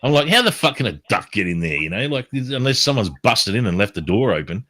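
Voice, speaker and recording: Animated man swearing through a story. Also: medium pitch, fast. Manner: swears constantly, animated, acts out quotes. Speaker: livestream host. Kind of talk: casual storytelling chat.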